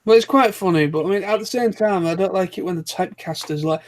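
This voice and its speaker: A man from Yorkshire, England, co-hosting a live chat, talks casually in an online group call, rambling and wandering off topic. His voice is high and quick, with hardly any pauses, and he has a Yorkshire accent.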